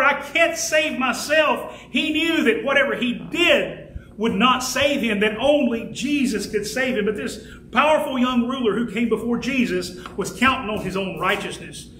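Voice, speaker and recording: A man preaching a fervent sermon as pastor, building to shouts and slowing down to stress key words. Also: very high-pitched, a little hiss or hum. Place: church sanctuary. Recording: echoey church room with faint ambience.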